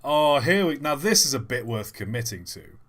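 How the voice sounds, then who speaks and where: A man's voice: mid-range voice, very animated, normal speed. A man hosting a live stream, chatting casually and thinking aloud as he reacts to memes. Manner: rambling, thinking aloud with fillers. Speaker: livestream host. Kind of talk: casual livestream commentary.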